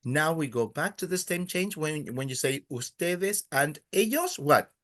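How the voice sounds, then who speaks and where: A man teaching a Spanish class in a classroom, patiently prompting students, praising their answers and pausing often with "uh". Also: on the high side, sing-song, fairly bright tone, no echo, clean studio sound. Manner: hesitant, many "uh" pauses. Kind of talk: classroom language lesson.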